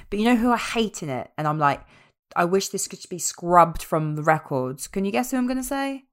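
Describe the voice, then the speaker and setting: A woman's voice: on the low side, lively intonation, normal speed. A young woman in a casual podcast chat, blunt and opinionated, swearing freely. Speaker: podcast co-host.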